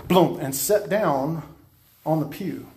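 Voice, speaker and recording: Male preacher, dramatic testimony, emphatic, slightly high voice, echoey room. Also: measured pace. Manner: emphatic, insistent, acts out scenes. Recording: roomy echo.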